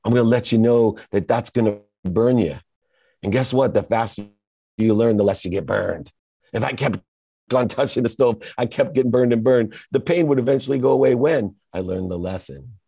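A middle-aged man giving a motivational monologue, emphatic and rhythmic, building lists and swelling his pitch for effect. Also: moderate pace, dark tone, slightly rough, dry recording. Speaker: motivational speaker.

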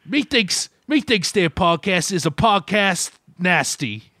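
A man's voice: high voice, expressive, slow, sharp tone, voice pushed up, exaggerated voice. A man putting on a pompous mock British man with old-fashioned parody phrasing.

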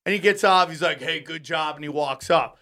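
A male comedian telling a long story in casual chat, animated and profane, acting out voices of the people in it. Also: fairly high pitch, a little fast. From California. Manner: animated, profane, acts out voices in his stories. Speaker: comedian guest.

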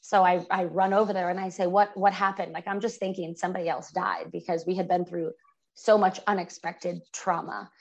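A woman's voice: fairly low pitch, little pitch movement, brisk, vocal fry, dull audio. A woman guest on an interview podcast, vividly retelling a personal story with lots of fillers.

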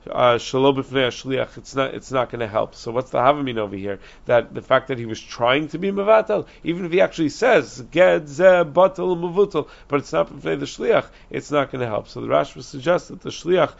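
A man teaching a Talmud lesson, explaining quickly and reasoning aloud with frequent restarts, dropping in Aramaic and Hebrew terms. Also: medium pitch, gravelly. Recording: dull lo-fi recording.

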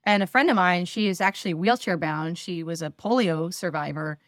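Clean studio audio with no room sound captures a woman's low-leaning voice, moving a little fast. She's a podcast guest in her forties from the northeastern United States, casually spinning chatty stories at her own expense, full of fillers.

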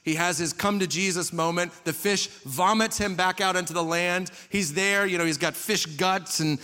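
A man's voice: high voice, sharp tone, big-room sound. A man preaching a sermon as pastor, conversational, with rhetorical questions and dry humor.

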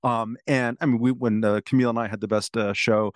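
Brief: mid-pitched man, wry and rambling, dry close mic. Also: steady tone, fairly quick, dry recording. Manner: wry, rambling, self-deprecating. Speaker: podcast guest, commentator. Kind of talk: casual panel chat.

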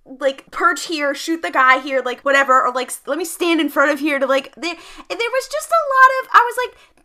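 A woman co-hosting a casual podcast chat, animated and rambling with bursts of laughter. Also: high-pitched, normal speed. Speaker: podcast co-host.

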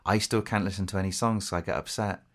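A man's voice: deep voice, fast. A man co-hosting a podcast, chatting casually and telling jokey stories. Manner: chatty, jokey, lively storyteller. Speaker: podcast co-host. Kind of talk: casual chat.

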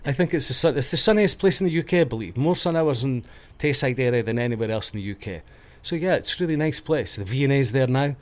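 A man's voice: medium pitch, lively intonation, fast talker, hardly any pauses. A middle-aged man from Scotland with a Scottish accent, chatting as a guest and telling rambling stories that he corrects as he goes. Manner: rambling storyteller, self-correcting. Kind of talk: casual interview chat.

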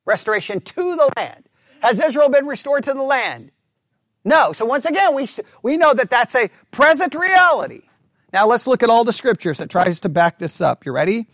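A man teaching a Bible class, thinking out loud and checking in with listeners often for agreement. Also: high voice, creaky, no room sound, clean studio sound. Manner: talks through ideas out loud with restarts.

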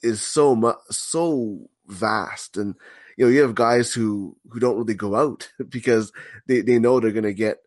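A man guesting on a sports podcast, talking in a measured, analytical way and often repeating words as he thinks. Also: lowish voice, darkish tone, no room sound. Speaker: podcast guest, hockey blogger. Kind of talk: casual sports podcast chat.

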